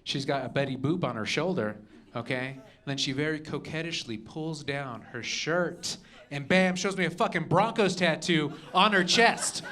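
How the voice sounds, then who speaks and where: On a comedy club stage, a young stand-up with a voice on the high side speaks at normal speed in a bright, forceful tone. He keeps things punchy, following each joke with "okay?" or "all right?"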